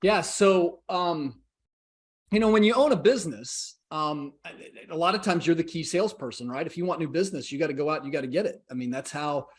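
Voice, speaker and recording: A man's voice: fairly high pitch, a little fast, slightly rough. A man in his forties, a podcast guest telling his story in an earnest, reflective way and acting out the dialogue he quotes. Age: 40s.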